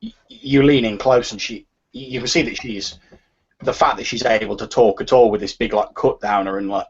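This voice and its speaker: A man's voice: fairly low pitch, moderate pace, breathy edge, muffled recording. A man narrating as game master for a tabletop game, hesitant and full of restarts.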